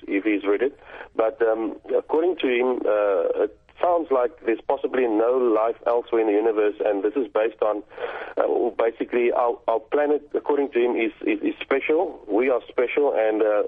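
A man calling a radio show with a science question, halting and repeating words. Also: lowish voice. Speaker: caller. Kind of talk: asking a question on a radio call-in. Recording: tinny phone line.

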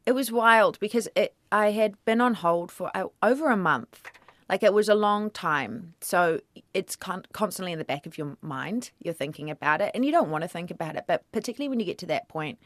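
A young woman with a New Zealand accent, an actor chatting as a guest in an interview, telling animated stories and acting out the quoted exchanges. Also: fairly low pitch, fairly quick, dry recording. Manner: animated storyteller who acts out quoted exchanges. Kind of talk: casual interview chat.

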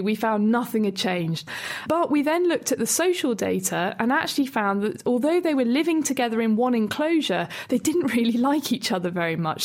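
Woman scientist, interview guest, higher-pitched, easygoing explainer. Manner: relaxed explanatory, imitates animal grunts. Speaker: researcher interviewed.

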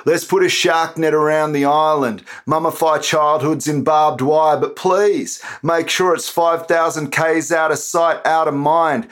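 A man voicing a loud, jingoistic caricature in a sarcastic, over-the-top spoken-word performance. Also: fairly high pitch, voice pushed up.

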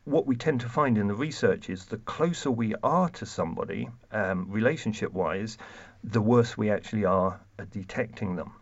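A guest who researches deception explains his findings in a measured way, his voice lowish. He occasionally restarts a phrase, and the audio is a little dull and lo-fi.

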